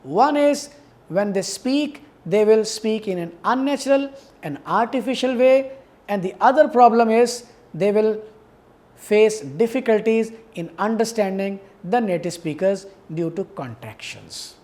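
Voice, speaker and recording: A man giving an academic lecture on pronunciation, speaking in a measured, explanatory way and repeating key words. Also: sits high, expressive, darkish tone. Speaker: university English lecturer.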